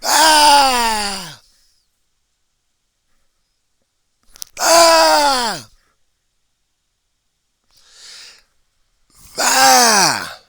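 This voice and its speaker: High, shrieking, hostile heckler acted by a man, ranting abuse, yelling. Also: sing-song, normal speed, gravelly, no echo, studio quality, exaggerated voice. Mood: screaming. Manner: screaming, insulting, shrill.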